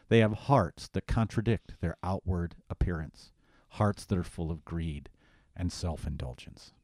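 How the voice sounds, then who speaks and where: A man co-hosting a conversational Bible study, animated, acting out voices for emphasis. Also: on the low side, dry recording, studio quality.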